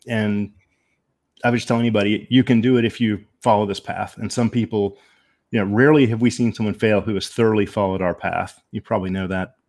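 A man talking as a podcast guest, telling his personal story in a candid, reflective, measured way with frequent pauses and ums. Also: lowish voice, steady tone, darkish tone.

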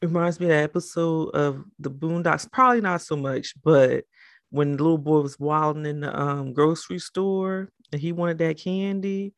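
A woman with a South Jersey accent, a podcast co-host who swears freely and tells animated, colorful asides. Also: low voice, normal speed, no room sound, clean studio sound. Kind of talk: casual chat.

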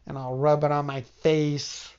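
A man's voice: fairly high pitch, little pitch movement, a little slow, darkish tone, smooth, muffled recording. A man with a congested nose hosting a solo podcast, rambling wryly and mocking himself as he talks straight to his listeners. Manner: wry, self-mocking, talks to listeners directly. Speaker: podcast host.

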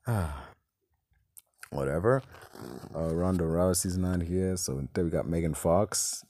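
A man hosts his own podcast and talks through a movie review in a loose, rambling way. He sounds exasperated. His voice sits somewhat low. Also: a little mellow. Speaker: podcast host.

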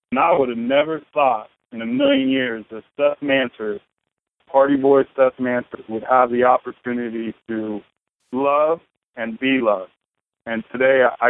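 Over a tinny line that sounds like a phone, a podcast guest in his thirties rambles through his story with plenty of profanity. It's casual conversation, delivered in a mid-range voice with vocal fry.

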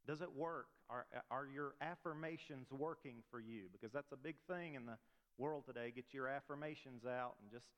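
Pastor preaching in a reverberant hall. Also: male voice, mid-range voice, fairly bright tone. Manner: conversational preaching, frequent rhetorical questions. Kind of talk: sermon. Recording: long reverb of a large hall.

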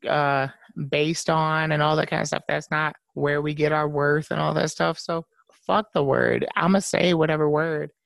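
Young male podcast host, very gravelly voice, dry sound, loose and profane. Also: a little high, flat delivery, moderate pace, fairly bright tone, no echo. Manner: laid-back, swears freely, repeats words as he starts. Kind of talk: casual podcast chat.

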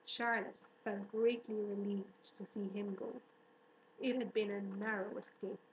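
A woman reads a storybook aloud in a steady, even manner. Her voice rings slightly in the room, with a faint hiss underneath. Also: medium pitch, unhurried, roomy sound, highs cut off. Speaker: narrator. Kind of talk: audiobook reading.

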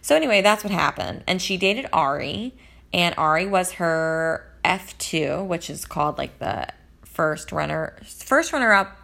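A woman with a lowish voice and a lot of vocal fry, talking in casual chat. She rambles on about reality TV in a gossipy tone. Her talk is full of fillers. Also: animated, unhurried, fairly bright tone. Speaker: reality TV commentator.

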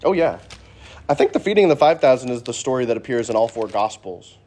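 A man's voice: mid-range voice, big pitch swings, fast talker, a little mellow. A man teaching a casual Sunday Bible class in a church classroom, joking and asking the class questions.

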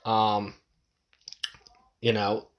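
A man's voice: lowish voice, completely flat delivery, extremely slow, highs cut off. A middle-aged man hosting a podcast alone, ranting bluntly and profanely, rambling and restarting his sentences. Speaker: podcast host. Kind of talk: casual solo podcast rant.

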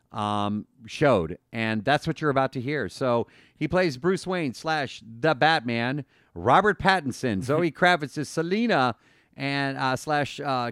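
A man's voice: medium pitch, a bit bright, clean tone, no echo, studio quality. A man hosting a podcast, talking casually and enthusiastically, often repeating and restarting words. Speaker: podcast host.

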